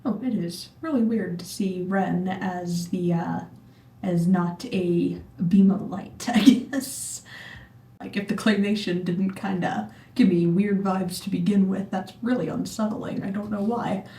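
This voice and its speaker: A woman's voice: medium pitch, fairly even intonation, a little slow, mellow. Musing woman reacting in a roomy space. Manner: musing, rambling, trailing off with fillers. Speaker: reaction video host. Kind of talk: casual reaction commentary. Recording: roomy, distant mic with faint hum.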